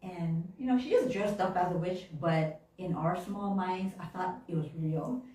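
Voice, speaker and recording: A woman telling childhood stories during a sermon, animated and laughing often, acting out little voices along the way. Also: on the low side, measured pace. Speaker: minister. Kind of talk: storytelling sermon. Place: church hall. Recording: very echoey room, mic at a distance.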